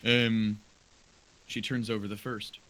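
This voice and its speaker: A man's voice: on the low side, flat delivery, slow pace, fairly bright tone. A man narrating a tabletop game as game master, casual and prone to small slips.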